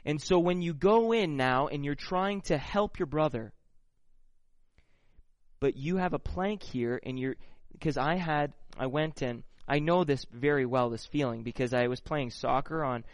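A man preaching a sermon who reads scripture slowly and explains it in a casual, conversational way, often checking in with "right?". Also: on the high side, no echo. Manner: slow, deliberate reading of scripture. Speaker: pastor.

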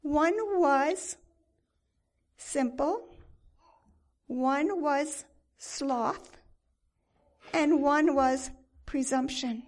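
Woman preacher, high-voiced, dramatic sermon storytelling. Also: drawn-out words, pauses often, darkish tone.

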